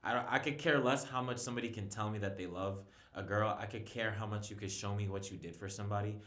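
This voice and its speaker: A man's voice: lowish voice, fairly even intonation, fast talker, a bit bright, echoey room. A man talking as a guest on a casual podcast, earnest and emphatic about self-respect. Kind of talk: casual chat.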